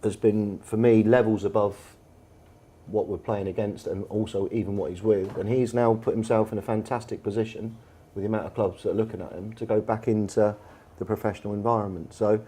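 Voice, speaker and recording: A man's voice: on the low side, fairly even intonation, fairly quick, mellow, slightly rough. Chatty Englishman telling football stories. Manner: chatty, anecdotal, with frequent fillers. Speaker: football manager and guest speaker. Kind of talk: storytelling in an on-stage conversation. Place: bar event room with an audience.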